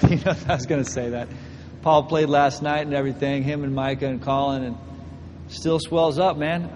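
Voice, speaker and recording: A young man preaching to a church, telling a personal story in an animated, laughing way. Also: on the high side, big-room sound, slight background noise. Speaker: pastor. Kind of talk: storytelling sermon. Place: church hall.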